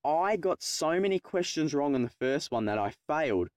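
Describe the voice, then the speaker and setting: A teenage man telling a funny personal story to his viewers, excitable and swearing freely, dropping into low mutters when he acts out his own panic. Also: normal speed, no echo, studio quality. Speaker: vlogger. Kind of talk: casual storytelling to camera.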